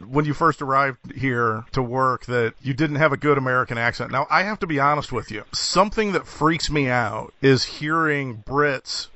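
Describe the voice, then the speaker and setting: Male interview host, bright punchy voice, long rambly enthusiastic questions, dull lo-fi audio. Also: mid-range voice, moderate pace, few pauses, no room sound. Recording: dull lo-fi dry sound.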